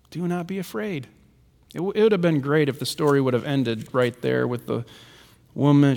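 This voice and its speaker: Male pastor preaching, high voice, repeats lines in a rhythm, loud then hushed, big echoey church. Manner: rhythmic repetition, swings between soaring and hushed. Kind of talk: sermon. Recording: long reverb of a large hall.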